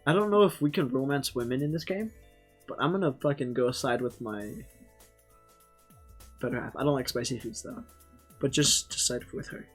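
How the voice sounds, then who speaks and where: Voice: mid-range voice, breathy edge, faint music behind. Joking, foul-mouthed game streamer. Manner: joking, swearing, quick apologies. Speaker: let's play streamer. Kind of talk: casual gameplay commentary and reading aloud.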